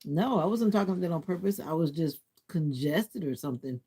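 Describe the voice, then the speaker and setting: A man's voice: fairly high pitch, expressive, fairly quick, warm tone, breathy edge. A congested, sleepy man chatting casually with viewers on his livestream, rambling as he snacks. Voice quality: stuffy, congested. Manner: rambling, talks while snacking and reading chat. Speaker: livestream host.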